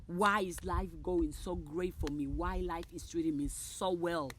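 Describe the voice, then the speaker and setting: A woman reciting upbeat affirmations in an exuberant, repetitive manner, with loud bursts. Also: lowish voice, steady tone, a little slow, slight background noise. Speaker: motivational creator. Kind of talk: spoken affirmations.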